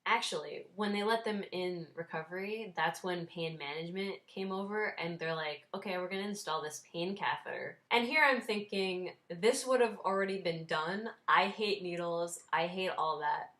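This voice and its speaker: Wry young woman vlogger, low voice. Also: moderate pace, few pauses, fairly bright tone. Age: 20s. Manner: wry, self-deprecating, laughs while telling. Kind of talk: casual storytelling vlog.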